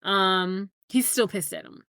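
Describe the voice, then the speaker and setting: A woman's voice: medium pitch, a little slow, sharp tone, clean tone, no room sound, studio quality. A woman podcast co-host retelling a movie scene in casual chat, acting out the characters' lines.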